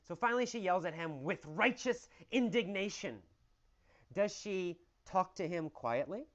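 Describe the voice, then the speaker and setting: A man's voice: on the high side, a bit bright, dull audio. A man teaching English through a story, asking questions and answering them himself with exaggerated emphasis.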